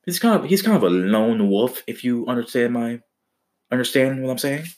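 A man squeaking out a jittery tattling cousin. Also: lively intonation, moderate pace, darkish tone, close to an everyday voice. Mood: confiding. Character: nervous cousin who informs on a relative.

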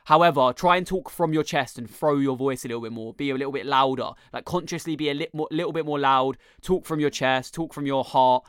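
A man's voice: mid-range voice, fairly quick, few pauses, a bit bright, clean tone, no echo, studio quality. A young man hosting a casual advice chat, enthusiastic and full of slang.

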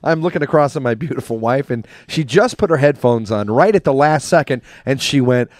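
A man's voice: medium pitch, lively intonation, a little fast, few pauses, darkish tone, no room sound. Chatty male radio host, dry studio sound. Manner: chatty, laughing, stumbling over words. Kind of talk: casual radio chat. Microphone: studio microphone with headphones.

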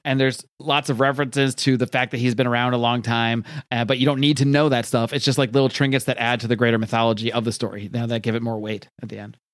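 A man casually recapping a comic book, loose and rambling with plenty of swearing. His voice is smooth and clear, and the sound is dry and close. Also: mid-range voice, little pitch movement, fast talker, hardly any pauses, no room sound.

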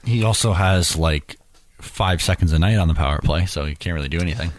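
A man's voice: low voice, fairly quick. A man in casual sports chat, agreeable and giving short replies.

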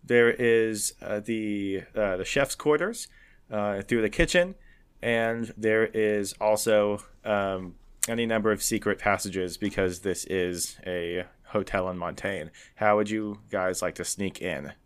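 A man narrating as game master in a casual, chatty way, often pausing on fillers. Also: fairly low pitch, clear, resonant tone. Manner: relaxed, chatty, many fillers, laughs often.

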